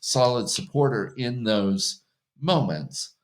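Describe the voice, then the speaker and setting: A man speaking in an unhurried, casual way about relationships. He laughs often and acts out what people say. His voice sits at an ordinary pitch. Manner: relaxed, laughs often, acts out quoted partners. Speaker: hypnotherapist and coach. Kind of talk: casual conversational interview.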